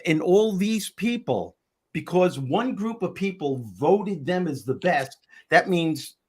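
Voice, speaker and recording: An older man with a Brooklyn accent talks in a fairly high voice. He hosts a loose, chatty show, making his points with animated, jokey tough-guy bluster. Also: husky. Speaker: host. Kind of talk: casual talk show chat.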